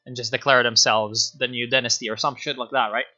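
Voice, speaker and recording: Brief: a swearing, rambling male streamer with a very bright voice, recorded on dull lo-fi stream audio. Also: medium pitch, fairly quick. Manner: rambling, profane, animated. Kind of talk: casual livestream history commentary.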